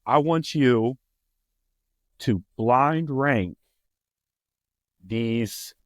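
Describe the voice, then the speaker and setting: A man hosting a casual podcast chat, animated and quoting movie lines with a lifted voice. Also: mid-range voice, very slow, no echo, studio quality. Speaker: podcast host.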